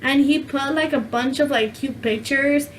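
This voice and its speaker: A woman chats through a personal story to her viewers, rambling and leaning on "like" at every turn. Her voice sits fairly high, and a faint hiss runs underneath it. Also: normal speed. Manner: rambling, chatty, heavy use of "like". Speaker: vlogger telling a story. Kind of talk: casual storytime chat.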